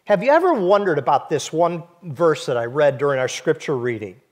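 High-voiced man preaching a sermon. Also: expressive, a little fast, darkish tone. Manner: explanatory, conversational preaching. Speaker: pastor.

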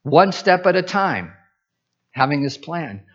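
A man's voice: fairly high pitch, sing-song, slow, lo-fi sound. A man preaching as a pastor, conversational, with asides and restarts. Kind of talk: sermon.

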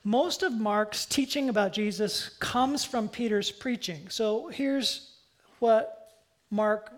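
A pastor delivering a sermon in a relaxed, conversational manner, pitched at a middle level. The talk drifts into asides and self-corrections before returning to the point. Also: takes it slowly.

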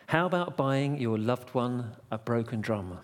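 Playful preacher in a reverberant church. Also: male voice, mid-range voice, lively intonation, a little slow, a crowd in the background. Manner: playful, pun-telling, conversational. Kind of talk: sermon with jokes.

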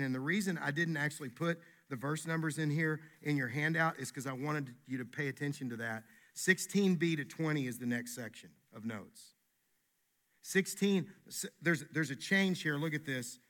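A man, a pastor, preaching a sermon in an animated, emphatic way, often restarting his words. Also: a little high.

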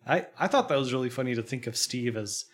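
A man's voice: medium pitch, lively intonation, fast talker. Male podcast host, casual recap, giggles a lot, quotes characters. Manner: laughs often, acts out quotes.

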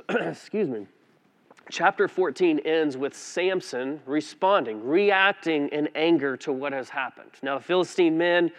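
A man in the pulpit as pastor tells a personal story during his sermon, animated and conversational, with frequent restarts. He speaks unhurriedly in a voice on the high side.

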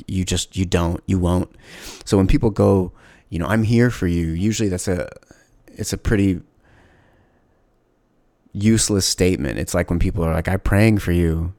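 A man hosting his own solo podcast, talking candidly and reflectively, pausing and restarting often. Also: low voice, vocal fry, darkish tone, no room sound. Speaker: podcast host. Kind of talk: casual solo podcast monologue.

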